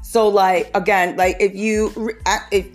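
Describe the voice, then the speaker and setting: Slow-talking woman riffing on a podcast. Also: medium pitch, faint music behind. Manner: animated, jokey, slips into quick impressions. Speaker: podcast host. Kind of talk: casual comedic riffing.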